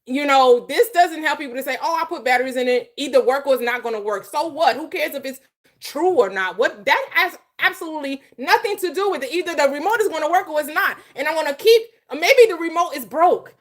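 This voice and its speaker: A woman's voice: sits high, animated, fairly quick. A woman hosting a live stream, arguing passionately, and her voice rises as she talks. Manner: passionate, loud, rising voice. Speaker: host. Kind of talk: heated live-stream debate.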